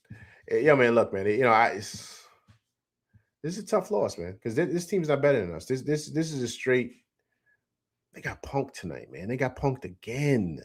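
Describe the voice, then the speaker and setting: A man's voice: medium pitch, sing-song, moderate pace, husky. A man hosting a live-stream sports reaction show, talking emphatically to his chat viewers, repeating himself and saying "man" a lot. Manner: addresses chat viewers directly. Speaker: fan show host.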